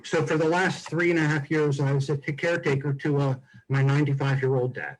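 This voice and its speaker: A man's voice: on the high side, flat delivery, a little fast, low-quality recording. A man doing a chatty, self-deprecating stand-up set over a video call. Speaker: stand-up comic. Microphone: video call mic. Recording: video call with loud laughter behind.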